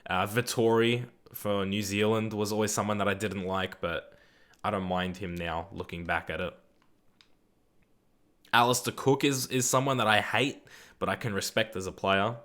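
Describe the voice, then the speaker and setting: Young Aussie male streamer, slightly low voice, relaxed rambling chat with viewers, casual swearing. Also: moderate pace. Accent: Australian. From Australia. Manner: reads viewer chat aloud and answers it. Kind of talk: live gaming stream chat.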